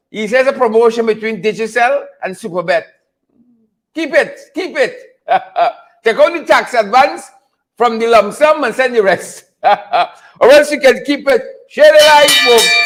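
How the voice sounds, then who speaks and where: A man hosting a livestream, animated and repetitive, laughing often and greeting viewers by name. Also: high-pitched. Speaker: livestream host. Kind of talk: casual livestream commentary.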